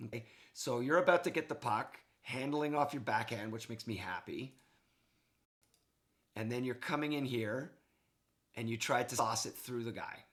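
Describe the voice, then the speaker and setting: A man's voice: mid-range voice, moderate pace, a bit bright. A man coaching hockey, talking a player through game footage in a casual, enthusiastic way, checking in often with "okay". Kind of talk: video game analysis for a player.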